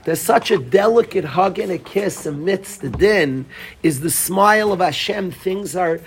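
A middle-aged rabbi lecturing on Torah, his voice a little high and gravelly with fry. He tells stories with animated delivery and Hebrew terms mixed in. A faint hiss of noise sits under the recording. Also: unhurried.

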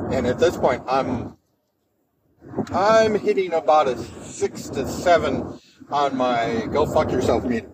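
A man's voice: mid-range voice, unhurried. A man hosting a podcast, telling a story in a casual, rambling monologue, repeating himself and speaking bluntly. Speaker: podcast host. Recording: distant mic with clear background noise.

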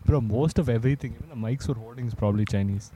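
Young guy cohost, laughs a ton, mellow warm voice, cheap usb mic. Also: mid-range voice, rapid-fire, slight background noise. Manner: laughs often, loose and joking. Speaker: podcast co-host. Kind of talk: casual chat among friends.

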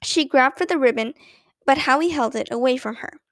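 High-voiced woman narrating a children's story. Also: a little fast, dry recording. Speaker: audiobook narrator.

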